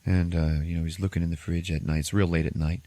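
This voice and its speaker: A low-voiced man casually recaps a movie for his podcast, telling it profanely and with lots of energy. His voice sits dry and close on the mic. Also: fast talker, no room sound. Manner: profane, animated storytelling. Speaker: podcast host.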